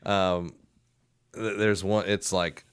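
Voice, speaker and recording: A man's voice: deep voice, flat delivery, takes it slowly. A young man with a Southern American accent, chatting as a podcast co-host and telling rambling stories with lots of fillers and easy laughs. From Southern United States. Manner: rambling storyteller, many fillers, laughs easily. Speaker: podcast co-host and school band director. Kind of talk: casual podcast chat.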